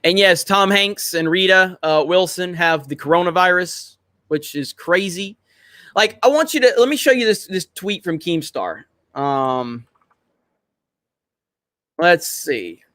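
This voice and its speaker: A man's voice: high-pitched, lively intonation, a little slow, pushed and bright, dry recording, studio quality. A man hosting a casual livestream from home, reading viewer comments aloud, laughing often and swearing freely. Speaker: livestream host reading chat. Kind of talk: casual live-stream chat. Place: home in Florida.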